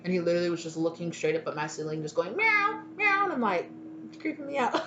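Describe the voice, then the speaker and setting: A woman's voice: lowish voice, animated, fast talker, darkish tone, lo-fi sound, slight background noise. A woman giving a casual spoken tarot reading, rambling and chatty, with many fillers and restarts. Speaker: tarot reader.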